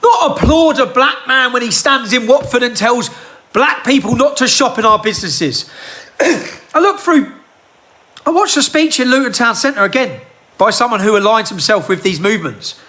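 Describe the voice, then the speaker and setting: A political commentator rants heatedly into a handheld phone, firing off rhetorical questions in an impassioned monologue to camera. His voice is extremely high, animated and bright, with a forceful tone at a moderate pace.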